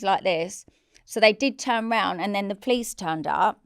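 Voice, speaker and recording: At normal speed and in a mid-range voice, a woman in her 40s gives an emotional account of her own life as an interview guest. She's blunt and candid, swearing freely and acting out quoted shouts. Her voice is smooth and clear, close-miked and dry with almost no room echo.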